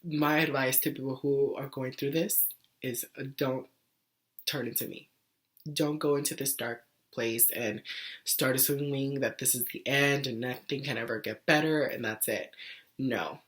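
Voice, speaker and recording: A woman's voice: a bass voice, steady tone, a little slow. A young woman talking earnestly to camera in a casual vlog, rambling with lots of "like" fillers. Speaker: vlogger sharing her own illness story. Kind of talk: casual heartfelt vlog talk.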